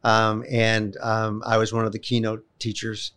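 Man telling stories, lowish voice. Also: measured pace, clean tone. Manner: animated, emphatic storyteller, repeats words when worked up. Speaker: guest. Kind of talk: personal storytelling in a conversation.

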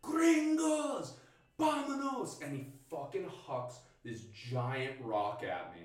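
A man's voice: mid-range voice, lively intonation, slow pace. A man who is a guest on a podcast, telling a story casually, swearing a lot and saying "like" often. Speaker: podcast guest, stand-up comedian. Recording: echoey room, distant mic.

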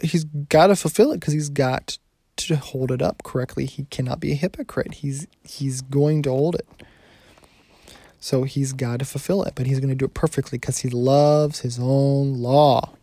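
Man preaching casually, dark gravelly voice, dry close sound, loose phrasing with frequent restarts. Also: fairly high pitch, dry recording. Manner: conversational, frequent restarts and self-corrections. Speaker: Bible teacher. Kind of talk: casual sermon.

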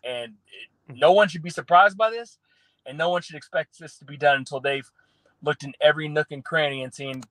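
A man from the American South talks sports on a radio show, opinionated and animated, often restarting his phrases. His voice sits a bit high for a man. The sound is dry and close, with no room echo. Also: fairly quick. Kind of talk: casual sports talk.

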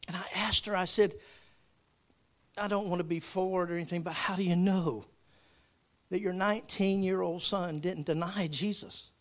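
A male pastor preaching a sermon, telling a story in a calm tone before building to raised, emphatic preaching. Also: high-pitched, normal speed.

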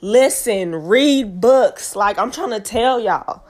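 A woman hosting her own podcast, a mother, talking in a forceful, preachy motivational monologue and repeating lines for emphasis. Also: on the high side, slow. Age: adult with kids. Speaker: podcast host.

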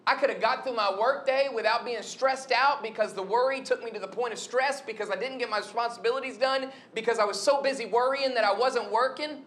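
A man's voice: extremely high pitch, brisk, few pauses. A young adult man giving a conversational, storytelling sermon. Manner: conversational, storytelling, animated retelling. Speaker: preacher.

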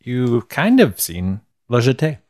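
A man's voice: mid-range voice, wildly swooping pitch, unhurried, darkish tone, no room sound. Easygoing man in a dry, close podcast chat. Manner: easygoing, wry, agreeable. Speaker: podcast co-host. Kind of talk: casual film-discussion chat.

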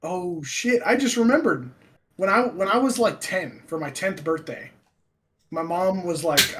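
Young guy, high voice, lively swearing storyteller in casual chat. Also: normal speed, a little hiss or hum. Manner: animated, swearing, acts out quotes loudly.

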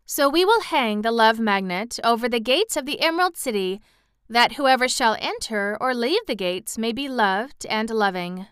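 A kindly young fairy princess speaks with gentle, measured courtesy, voiced by a woman reading aloud. The voice is bright and lightly raised, with crystal clarity in a dry, close recording. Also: on the high side, lively intonation, clear, resonant tone, dry recording, pitched above the performer's own voice. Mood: amused. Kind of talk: audiobook character reading.

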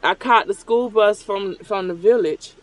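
Man with a high voice, middle-aged, casual rambling storyteller, talking from a parked car. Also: a little slow, a bit bright. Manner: rambling, conversational, acts out remembered dialogue. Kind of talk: casual storytelling while ordering at a drive-thru. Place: car at a drive-thru.

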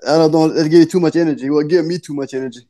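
A man co-hosting a podcast, chatting in a relaxed, casual way. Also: a little high, racing.

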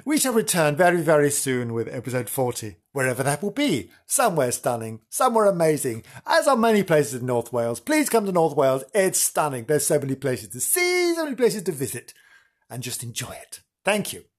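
A man wraps up his podcast episode in an easygoing, teasing way. His pitch rises and falls in lively swoops as he jokes at his own expense. His voice has a slightly husky grain. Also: a little fast. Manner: chatty, teasing, self-mocking. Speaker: podcast host. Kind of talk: casual podcast sign-off.

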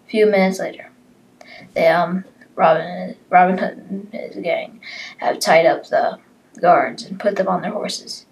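A woman telling a story off the cuff, halting, with many restarts and fillers. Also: fairly low pitch, rough recording. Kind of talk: improvised story reading.

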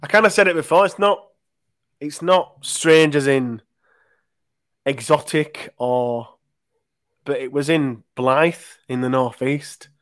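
A man co-hosts a casual podcast chat, spinning long anecdotes and slipping into the voices of the people in them. His voice sits a touch high for a man. The sound is close and dry, with no room around it. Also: takes it slowly, long pauses, a bit bright, no echo. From Leeds. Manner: chatty anecdotal storyteller, acts out quotes. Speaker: podcast co-host.

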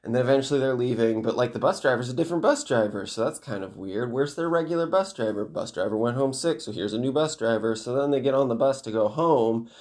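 A man's voice: mid-range voice, darkish tone. Rambling man recapping a book. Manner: rambling, swears, quick voice switches for characters. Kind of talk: casual story retelling.

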